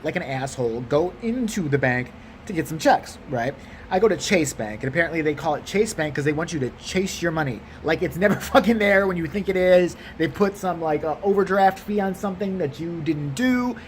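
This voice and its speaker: A man's voice: on the high side, a little hiss or hum. Worn-out man with a Chicago accent. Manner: exasperated, profane, comic. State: tired. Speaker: vlogger. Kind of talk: casual storytelling rant.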